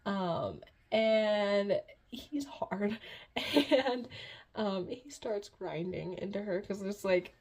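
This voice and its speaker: A woman with a fairly high voice recapping a book in a loose, chatty way. She rambles, stumbles over fillers and giggles often as she retells the plot. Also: takes it slowly, a little mellow. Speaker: book reviewer.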